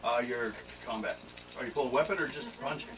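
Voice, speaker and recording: Recorded at a distance amid room noise, this man runs a tabletop role-playing game, narrating briskly in a mid-range voice. He frequently laughs and instructs players to roll their dice.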